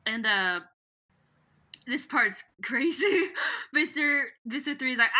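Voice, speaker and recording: A woman hosting a podcast, recapping a book in playful, animated casual chat and slipping into character voices. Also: sits high, takes it slowly, long pauses. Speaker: podcast host.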